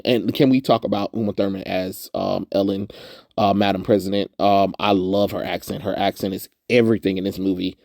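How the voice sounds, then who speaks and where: Low-voiced young man rambling chattily. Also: creaky, mellow, no echo, studio quality. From Southern United States, suburban. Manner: rambling, chatty, many "um"s, laughs often. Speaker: movie reviewer. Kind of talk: casual movie review.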